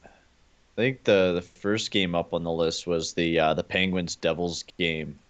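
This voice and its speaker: A man's voice: low voice, fairly even intonation, unhurried. A man co-hosting a casual hockey chat show, rambling through his points with lots of "like" and "right?". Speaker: co-host.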